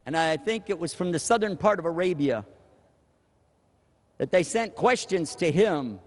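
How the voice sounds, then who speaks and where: A man delivers a sermon with an animated, humorous manner and often slips into acted-out exchanges. His voice sits fairly high for a man. Long reverb from a hall hangs on every phrase. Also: moderate pace. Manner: animated, humorous, acts out dialogue. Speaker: preacher.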